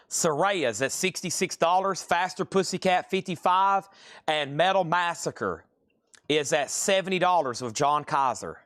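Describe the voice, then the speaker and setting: A man hosting a live record sale stream, briskly rattling off prices and bidder names. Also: a little high, animated, fairly bright tone, no room sound, studio quality. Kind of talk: live sales stream, calling bids.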